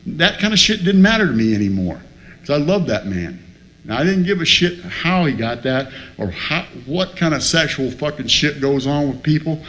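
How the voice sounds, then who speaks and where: A man's voice: fairly high pitch, animated, moderate pace, a bit bright. A man telling a blunt, profane story at a recovery meeting and acting out both sides of the talk. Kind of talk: storytelling share with humor.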